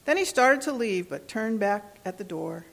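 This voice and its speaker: Woman, children's story read-aloud, gentle, very lively melody. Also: mid-range voice, moderate pace, gravelly. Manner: expressive, gentle.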